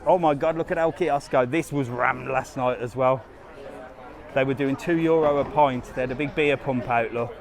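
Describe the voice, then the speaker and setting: Gravelly and medium-pitched, this man speaks at a moderate pace with fairly even intonation. He's a travel vlogger and live-stream host walking outdoors along a resort street on a casual live tour. Easygoing and chatty, he addresses viewers directly and reads their comments aloud.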